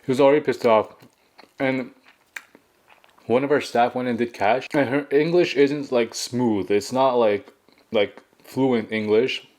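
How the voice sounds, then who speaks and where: Young man, mukbang vlogger, casual storytime, mid-pitched voice, loose filler-heavy delivery. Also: fairly even intonation, a little slow, darkish tone. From Canada. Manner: chatty, filler-heavy storytelling with acted quotes. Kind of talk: casual storytime while eating.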